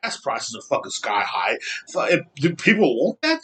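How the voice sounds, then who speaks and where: A man in his thirties hosts a casual podcast with a somewhat husky, fairly high voice. He rants in a heated, rambling way and swears constantly. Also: expressive, a little fast, a bit bright. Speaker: podcast host. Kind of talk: casual rant.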